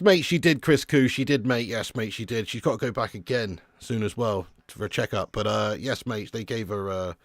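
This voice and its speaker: A man streaming a live football watch-along, reading viewer comments casually, then swearing and shouting at the match as it unfolds. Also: medium pitch, dry recording, clean studio sound.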